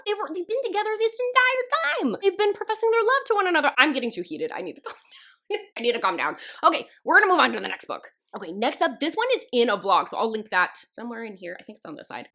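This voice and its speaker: A woman reviewing books to camera in an animated, exasperated rant, swearing and laughing as she goes. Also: high-pitched. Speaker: book reviewer. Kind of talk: casual ranting review to camera.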